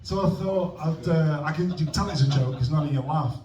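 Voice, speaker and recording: A man's voice: on the high side, a little fast, a little mellow, highs cut off. A young man doing a rambling, awkward, self-deprecating stand-up set at an open mic in a comedy club. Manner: self-deprecating, awkward, trailing off mid-joke. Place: comedy club stage with audience. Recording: roomy venue sound from a distant mic.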